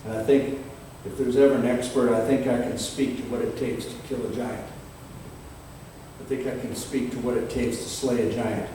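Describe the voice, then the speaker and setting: An older man preaching a sermon in a fiery, dramatic way, reading scripture slowly and emphatically and swinging between loud and quiet. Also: medium pitch, level tone. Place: large church hall. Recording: echoey hall from far off, faint background noise.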